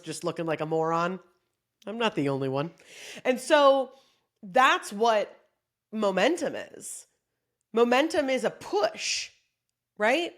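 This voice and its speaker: A woman comedian delivering a casual motivational monologue, joking and swearing freely as she talks. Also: mid-range voice. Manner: profane, joking, animated. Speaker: comedian giving a pep talk.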